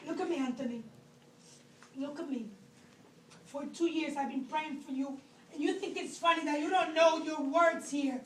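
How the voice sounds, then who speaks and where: A high-pitched woman teacher speaks through tears, pleading and scolding her pupils in turn. She is picked up from far off in an echoey classroom. A faint hiss runs underneath. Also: moderate pace, pauses often. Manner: tearful, pleading and scolding children. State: crying. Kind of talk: emotional classroom farewell speech.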